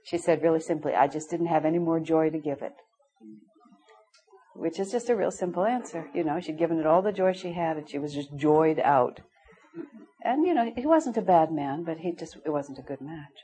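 A woman's voice: sits low, animated, fairly quick, mellow, low-quality recording. A middle-aged woman teaching a spiritual class, telling candid stories with frequent laughter. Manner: candid, storytelling, laughs often. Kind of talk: informal spiritual class talk.

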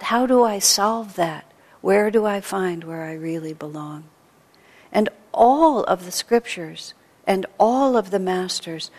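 A woman's voice: mid-range voice, darkish tone. A woman giving a spiritual talk, telling stories with laughter and acting out quotes. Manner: storytelling with laughter and acted-out quotes. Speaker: spiritual speaker. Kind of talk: sermon. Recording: long reverb of a large hall.

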